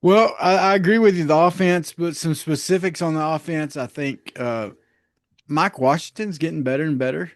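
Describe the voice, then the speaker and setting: A man's voice: on the high side, moderate pace, no room sound. A man co-hosting a casual sports podcast, easygoing, laughing often and hedging his points with "uh". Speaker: podcast co-host.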